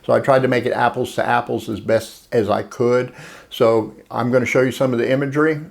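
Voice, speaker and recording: Gravelly-voiced man reviewing cameras. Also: medium pitch, fairly even intonation. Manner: plain, unhurried explaining with fillers and restarts. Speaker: photography video host. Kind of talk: casual camera review vlog.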